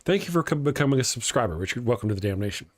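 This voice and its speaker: A man's voice: medium pitch, expressive, racing, no room sound. A man with a Texas accent hosting a casual atheist morning livestream. He rambles, chuckles often and restarts his sentences while reading viewer comments.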